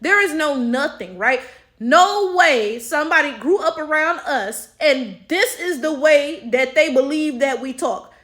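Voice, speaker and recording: Her voice sits high and a bit bright, animated yet a little slow. This American commentary vlogger has an African American English accent and shares blunt, exasperated opinions while swearing freely.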